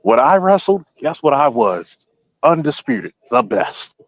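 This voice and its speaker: A man's voice: medium pitch, sing-song, a little slow, no echo, dull audio. Man, casual podcast guest, blunt and profane, keeps quoting himself as he tells a story. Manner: quotes himself often.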